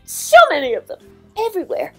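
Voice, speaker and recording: A woman voicing a scatterbrained older showbiz diva in a comic impression, talking in an excitable, rambling, gushing way. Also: very high voice, a little fast, faint music behind. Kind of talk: comic celebrity impression monologue.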